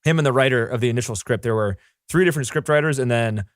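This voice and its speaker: A man co-hosting a film podcast talks in a quick, lively rush of casual chat. He keeps breaking into mocking impressions of characters. His voice sits close to a dry, dead mic. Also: mid-range voice, no echo. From Irish heritage. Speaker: podcast co-host.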